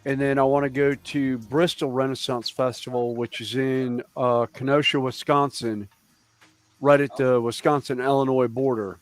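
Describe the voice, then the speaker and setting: A man's voice: medium pitch, fairly even intonation, moderate pace. A man in his fifties chatting casually as a host, rambling, swearing now and then and laughing often. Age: 50s. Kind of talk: casual chat.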